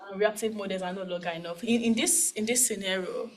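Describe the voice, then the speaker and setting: A woman's voice: mid-range voice, fast talker, rough recording. A woman with a Nigerian accent speaks at a conference panel in a mid-range voice. She talks casually, with plenty of "right?" and "um" as she explains her points. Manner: conversational, many tag questions and fillers. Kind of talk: conference talk.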